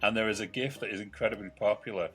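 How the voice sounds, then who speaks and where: A man's voice: lowish voice, steady tone, fast, a bit bright, soft background music. A man hosting a podcast chats casually with a guest, in an enthusiastic and teasing way. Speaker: podcast host. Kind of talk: casual chat.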